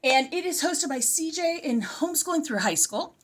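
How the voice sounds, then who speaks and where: A woman's voice: high-pitched, normal speed. A middle-aged woman in a casual, chatty homeschool curriculum review, slightly out of breath and often interrupting herself. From California. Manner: chatty, animated, self-interrupting. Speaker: homeschooling vlogger.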